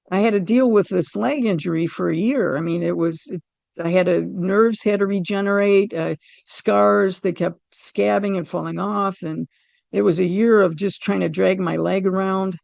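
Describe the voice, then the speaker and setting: A middle-aged woman from the United States, a podcast guest telling a personal story in an animated way and acting out her own quoted lines. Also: mid-range voice, normal speed, gravelly, dry recording. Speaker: interview guest.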